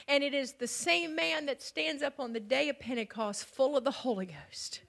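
A woman preaching a sermon, telling the story dramatically, dropping to near whispers and building to loud emphatic peaks. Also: high voice, expressive, normal speed, creaky, few pauses.

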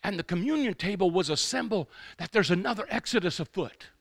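A male preacher delivers a sermon in a church service with a high, swooping voice. A gravelly fry roughens his bright, sharp tone. He rouses the congregation with call-and-response, then drops into quieter storytelling and rambling asides. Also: expressive, brisk. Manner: rambling asides, acts out quoted speakers.

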